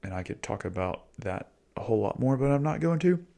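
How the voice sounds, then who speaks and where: A man's voice: mid-range voice, lively intonation, brisk, creaky, warm tone. A man in his forties, a YouTube host, talking casually and reflectively in an easygoing, slangy coaching manner.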